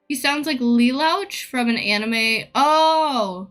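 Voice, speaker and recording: A woman's voice: fairly high pitch, slow pace, fairly bright tone, soft background music. A woman streamer in a casual live-stream rant, blunt, profane and opinionated.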